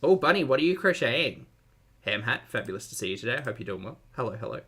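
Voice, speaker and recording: A man's voice: mid-range voice, very animated, fast talker, fairly bright tone, husky. A man hosting a casual livestream commentary, chatty and sarcastic, laughing often and greeting his chat viewers.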